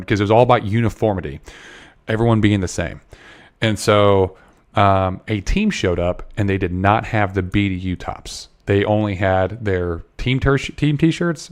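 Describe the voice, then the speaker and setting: Podcast guest: man, lowish voice, earnest rambling storyteller who restarts a lot. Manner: rambling, many restarts and repeated words. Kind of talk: casual storytelling interview.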